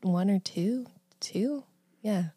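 A woman's voice: medium pitch, slow, mellow, husky. A woman co-hosting a podcast in casual chat, telling stories in an easygoing, hesitant way. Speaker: podcast co-host.

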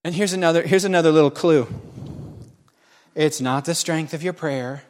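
A man in his forties preaching a sermon, folksy and joking with the congregation, swinging between loud exclamations and quiet asides. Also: on the high side, normal speed. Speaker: pastor.

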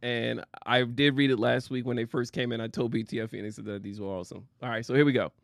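A man's voice: mid-range voice, fairly even intonation, fast talker, creaky, no room sound, clean studio sound. A man co-hosting a casual chat show, teasing his partner and laughing often. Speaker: podcast co-host.

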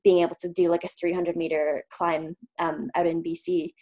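A woman from Canada in her thirties with a somewhat low speaking voice. She tells her stories in a relaxed, rambling way, padded with fillers and quick laughs. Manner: chatty, lots of fillers, laughs often. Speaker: guest. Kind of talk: casual storytelling.

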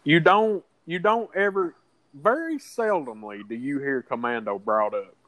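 A man hosting a podcast in casual chat, halting and restarting, swearing casually. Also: on the high side, animated, a bit bright, no room sound, rough recording. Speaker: podcast host.

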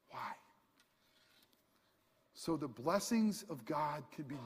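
A man preaching a sermon as pastor, impassioned, swinging from hushed asides to loud cries. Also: on the high side, lively intonation, very slow, pauses often, breathy edge. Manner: impassioned preaching, rising to shouts. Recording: long hall reverb.

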